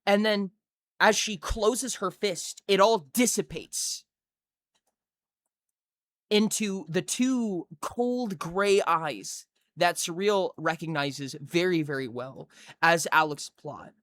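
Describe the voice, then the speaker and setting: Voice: mid-range voice, slow pace, fairly bright tone, no room sound. A game master narrating a tabletop game scene by scene, vivid and building detail.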